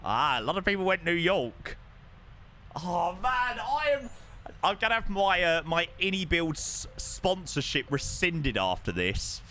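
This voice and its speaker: Man, live streamer, excitable, swearing, bright tense tone, slightly high. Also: unhurried, a little hiss or hum. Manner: excitable, swears, talks to chat. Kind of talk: casual live-stream chatter.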